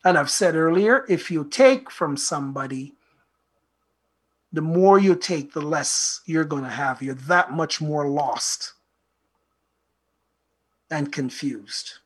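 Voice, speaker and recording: A man's voice: a little high, takes it slowly, long pauses, slightly rough. A man hosting a self-help talk show, speaking earnestly and reflectively in a repetitive, lecturing way. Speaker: radio show host.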